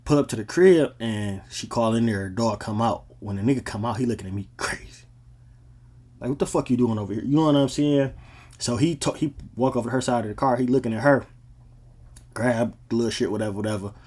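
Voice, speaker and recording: A man's voice: mid-range voice, fairly quick, a little mellow, husky. A man, telling stories from his life in a laid-back, slangy podcast style. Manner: laid-back slangy storytelling, frequent "you know what I'm saying". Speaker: podcast host. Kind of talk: casual storytelling.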